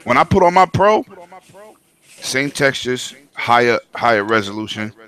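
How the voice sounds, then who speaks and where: A man's voice: mid-range voice, animated, a bit bright. A man hosting a casual gaming podcast, emphatic and slangy, on a home mic. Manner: emphatic, slangy, quick interjections. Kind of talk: casual chat.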